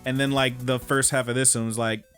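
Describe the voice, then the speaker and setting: A man's voice: medium pitch, little pitch movement, brisk, fairly bright tone, faint music behind. Laid-back, teasing male co-host. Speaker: podcast co-host. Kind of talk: casual anime review chat.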